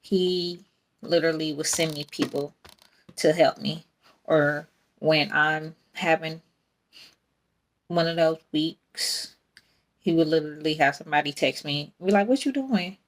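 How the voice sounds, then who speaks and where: A woman's voice: deep voice, fairly even intonation, a little slow, long pauses. A young adult woman, hosting a casual faith podcast in a rambling, candid way and laughing often. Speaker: podcast host.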